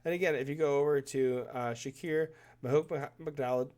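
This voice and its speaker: A man's voice: medium pitch, fairly even intonation, normal speed, a little mellow. A man with a cold and a stuffed-up nose, talking casually and enthusiastically through stats on screen, often restarting his sentences. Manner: rambling, self-correcting, enthusiastic. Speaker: hockey commentator. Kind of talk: casual screen-share commentary.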